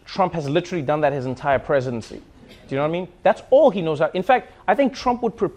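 Animated man doing comic commentary. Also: on the high side. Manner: animated, acts out quotes in voices. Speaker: comedy show host. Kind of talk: casual comedic commentary.

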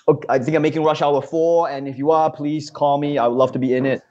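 A man's voice: on the high side, moderate pace, hardly any pauses, a little mellow, lo-fi sound. Indignant ranting comedy correspondent, man. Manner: indignant, ranting, heavy with uh fillers. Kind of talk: scripted comedic banter.

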